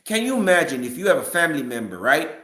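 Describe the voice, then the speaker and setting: High, bright-voiced man ranting casually. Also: very animated, quick pace, echoey room. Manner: rambling, frequent restarts and stammers. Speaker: live-stream commentator. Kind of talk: casual opinion rant.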